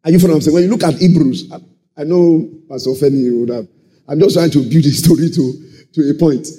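Male preacher, high lively voice, mellow tone, shouts and sung lines. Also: quick pace. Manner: animated call-and-response preaching, sudden shouts and sung phrases. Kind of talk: sermon.

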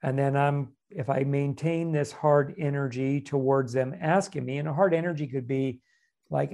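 A man hosting a podcast, answering a listener's question with calm, measured advice. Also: mid-range voice, gravelly. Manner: calm, measured, reflective explaining. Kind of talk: casual podcast advice talk.

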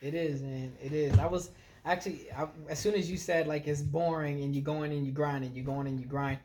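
Here a podcast co-host with a fairly high pitch talks briskly, telling lively stories in a casual exchange. Fillers crop up constantly as he goes.

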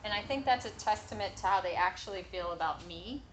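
A woman's voice: mid-range voice, lively intonation, fairly quick, slight background noise, low-quality recording. A woman in casual podcast chat, talking frankly and thinking aloud, swearing often.

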